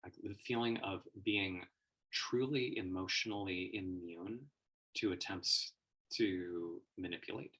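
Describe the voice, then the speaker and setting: A man's voice: low-pitched, fairly even intonation, unhurried, a bit bright. A man giving a reflective livestream monologue as a personal growth teacher, searching for words and laughing often.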